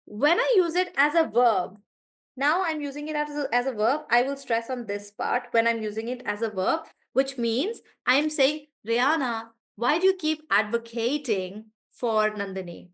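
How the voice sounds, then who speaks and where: A woman's voice: sits high, animated, moderate pace, a bit bright. A woman teacher, chatty in a live online class, explaining word stress through spoken examples. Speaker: English pronunciation teacher.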